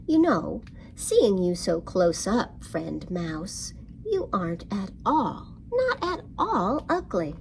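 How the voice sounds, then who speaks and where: A woman voicing a big male lion who speaks gently and fondly to his small friend. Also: medium pitch, big pitch swings, takes it slowly, vocal fry, slight background noise, heavily acted. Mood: gentle.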